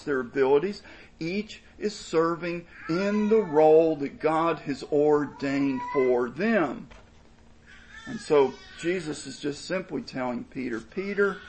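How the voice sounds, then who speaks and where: A man's voice: a little high, gravelly, poor audio. A man preaching a sermon, explaining scripture in an earnest, emphatic way with frequent repetition. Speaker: pastor.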